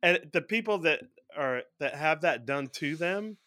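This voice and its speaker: Laid back dude on a podcast, bright forward voice, dry. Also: male voice, on the high side, animated, a little slow, dry recording. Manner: easygoing, laughs often. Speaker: podcast co-host. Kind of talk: casual chat.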